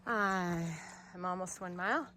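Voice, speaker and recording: A woman's voice: lowish voice, measured pace, bright, forceful tone. Chatty woman hiking a mountain trail. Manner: chatty, talks to camera while hiking, cheers on herself. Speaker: solo backpacker filming a hiking vlog. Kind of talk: casual on-trail video diary. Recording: outdoor trail recording with clear background noise.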